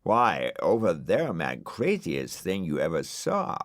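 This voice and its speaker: A man voicing a laid-back hippie rabbit in a storybook, with a mellow, hushed drawl. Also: low-pitched, huge pitch swings, takes it slowly, dry recording, studio quality, heavily acted.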